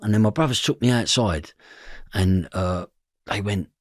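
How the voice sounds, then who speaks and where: A man's voice: lowish voice, unhurried, no echo, clean studio sound. A man with a London accent, a guest telling a raw personal story in an interview, blunt and swearing freely. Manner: blunt, swears, acts out dialogue.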